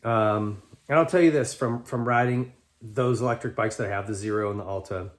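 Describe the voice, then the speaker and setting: A man's voice: mid-range voice, brisk. Casual chatty man, rambling answers. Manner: rambling, conversational, frequent restarts and fillers. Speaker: podcast host and bike tester. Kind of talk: casual chat answering listener mail.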